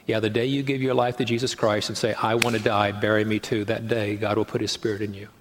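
A man's voice: fairly low pitch, flat delivery, fast talker, a little hiss or hum. A man preaching a sermon as pastor, conversational, with rhetorical questions and acted-out quotes. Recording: long hall reverb.

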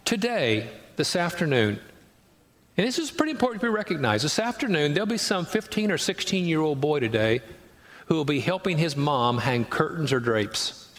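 A man's voice: on the high side, big pitch swings, normal speed, fairly bright tone. A man preaching a sermon as pastor, conversational, with rhetorical questions and acted-out quotes. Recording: long hall reverb.

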